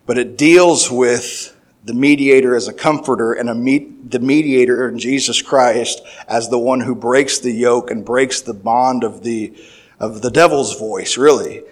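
A man giving a sermon, reading scripture verses aloud and then explaining them, with restarts and fillers, louder and higher on key points. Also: steady tone, a little slow. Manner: grows louder and higher when stressing points. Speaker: preacher.

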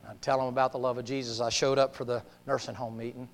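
A man with a Southern US accent, a preacher telling a story in a folksy, humorous way, swinging from hushed to shouting. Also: medium pitch, flat delivery, fast. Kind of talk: storytelling sermon. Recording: long hall reverb.

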